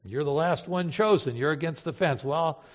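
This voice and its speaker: Pastor, male, higher voice, emotional sermon delivery, long church reverb, dull lo-fi tape. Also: lively intonation, normal speed. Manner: emotive, swings from hushed to impassioned. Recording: reverberant hall, dull lo-fi sound.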